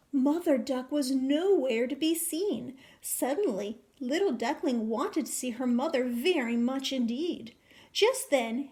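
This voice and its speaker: A woman teacher reading a picture book aloud to young children, animated and full of questions. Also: high voice. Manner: animated, questioning, sing-song.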